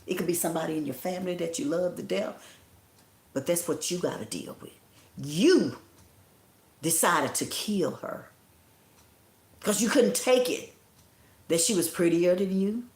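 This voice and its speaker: A woman's voice: on the low side, a little slow, long pauses, darkish tone. A grieving woman delivers a passionate, preaching livestream monologue. Her voice carries a noticeable echo from the room around her. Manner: impassioned, preaching and scolding. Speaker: livestream host. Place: indoor room at home.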